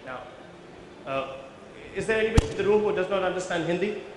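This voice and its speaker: A man gives a workshop talk, stopping often to put questions to the room. His voice sits a little high for a man. It rings through a large hall with long reverb and a faint hiss underneath. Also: expressive, fast talker. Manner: engaging, quizzes the audience, explains step by step. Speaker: visual merchandising trainer. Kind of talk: workshop lecture with audience questions. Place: large conference hall with a live audience. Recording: very echoey hall, faint background noise.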